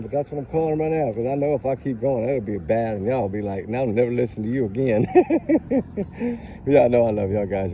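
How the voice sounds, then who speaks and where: A man with a mid-range voice hosts a true crime channel and rants angrily at his viewers as he walks around a grocery store parking lot. He's fired up and speaks straight to the audience in a casual vlog style. The audio is dull, with a slight hiss or hum.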